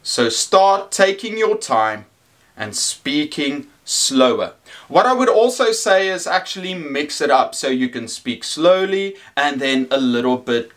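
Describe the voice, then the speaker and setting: A man in his thirties giving teaching tips in a measured, deliberate talk, shifting his pitch up and down to show what he means. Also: fairly bright tone. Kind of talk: instructional talk to camera.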